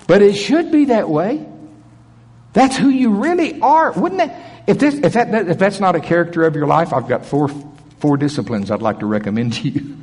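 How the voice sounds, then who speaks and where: A man preaching a sermon at a church service, animated, swinging from loud bursts to soft asides. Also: high-pitched, normal speed, breathy edge, in a large hall.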